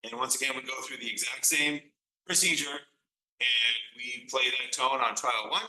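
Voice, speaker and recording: A man's voice: medium pitch, normal speed, bright, forceful tone, reverberant, distant mic, a little hiss or hum, poor audio. A man giving a recorded psychology lecture, explaining step by step and acting out examples. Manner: explanatory, acts out examples with quoted replies.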